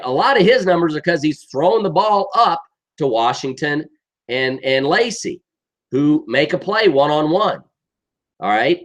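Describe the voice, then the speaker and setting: A man's voice: fairly high pitch, a bit bright. A middle-aged man giving an exasperated, emphatic football rant, often tagging sentences with "okay?". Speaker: sports commentator.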